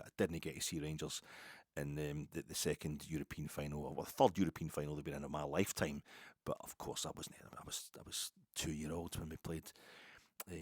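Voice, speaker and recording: A man's voice: a bass voice, husky, dry recording, studio quality. A Scottish man in his fifties hosting a podcast, telling rambling stories full of restarts and asides. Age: 50s. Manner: rambling, self-interrupting storyteller. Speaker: podcast host. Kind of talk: casual podcast monologue.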